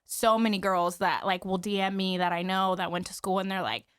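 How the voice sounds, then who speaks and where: A woman's voice: medium pitch, steady tone, a little fast, smooth, dry recording, clean studio sound. A woman hairstylist talking casually as a podcast guest, chatty, laughing often and full of "like".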